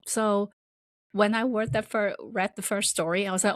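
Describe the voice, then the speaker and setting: A woman's voice: normal speed, no echo. A woman podcast host retelling a story in a rambling, casual way with plenty of fillers. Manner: rambling, many fillers, acts out quoted voices higher.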